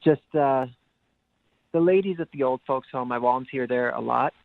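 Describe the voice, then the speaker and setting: A young man on a phone call to a radio show, hesitant and halting with many fillers. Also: medium pitch, vocal fry, noisy background. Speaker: phone guest. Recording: phone line, tinny.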